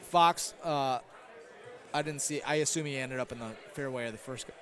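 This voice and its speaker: A man's voice: mid-range voice, moderate pace, crowd noise. A man giving casual live commentary on an arcade golf game, chatty and analytical, with self-deprecating asides and many fillers, in a noisy bowling alley.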